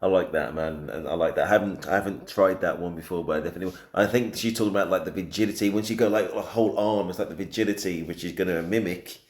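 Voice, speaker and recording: A man casually reacting to a clip, chatty and amused, thinking out loud. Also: sits low, fast talker, hardly any pauses, echoey room. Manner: chatty and amused, musing aloud. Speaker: reaction video host.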